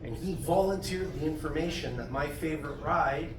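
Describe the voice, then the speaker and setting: A man's voice: fairly high pitch, normal speed, distant mic. A middle-aged man doing a stand-up comedy set at a club, telling crude, self-deprecating stories about his family. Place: comedy club stage with audience. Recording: roomy club sound from afar, noisy.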